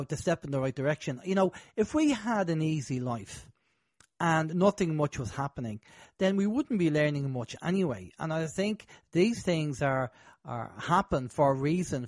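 A man's voice: a little high, animated, moderate pace, darkish tone, dry recording. A man hosting a casual conversation, talking in a rambling, hesitant way with many fillers.

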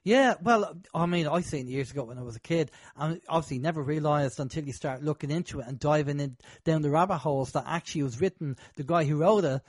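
A man's voice: a little high, quick pace, few pauses, dry recording. A man hosting a casual conversation, talking in a rambling, hesitant way with many fillers.

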